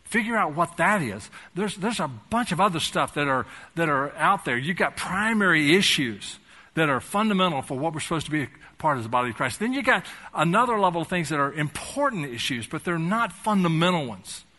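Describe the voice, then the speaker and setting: A pastor preaches a sermon in a loose, conversational style, mixing homely jokes with passages of fervent urgency. His voice is bright and forward, pitched a little above the usual for a man. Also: very animated, fairly quick. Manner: conversational preaching with folksy humor, rising to fervent emphasis.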